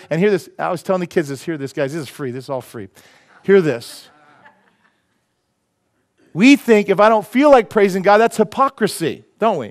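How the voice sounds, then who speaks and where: A male pastor preaching a sermon in a church, rising to loud emphatic peaks and dropping to quiet, earnest lines. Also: a little high, lively intonation, moderate pace. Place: church sanctuary.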